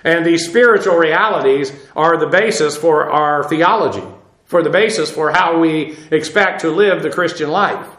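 A man teaching scripture in a measured, explanatory way, often pausing on small filler sounds. His voice sits a little high for a man. The room around him rings with echo. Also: a bit bright. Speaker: Bible teacher. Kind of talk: sermon.

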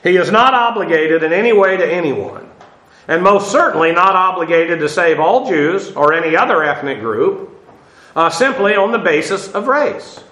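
High-voiced man teaching Bible study, echoey. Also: animated, sharp tone. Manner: unhurried, with many "uh" fillers and rhetorical questions. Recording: roomy echo.

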